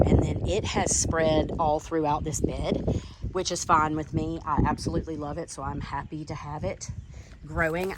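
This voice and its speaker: A woman's voice: low voice, noisy background. A middle-aged woman with a Southern accent, chatting enthusiastically as she walks through her garden and shows off her plants. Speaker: garden vlogger. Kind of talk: casual garden tour narration. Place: outdoors in a home garden.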